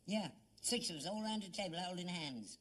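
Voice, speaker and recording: A man's voice: high voice, lively intonation, a little fast, a bit bright. A man playing a gullible old father in a sitcom, with an earnest, put-upon manner. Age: older. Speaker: actor in sitcom. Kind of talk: 1970s sitcom acting.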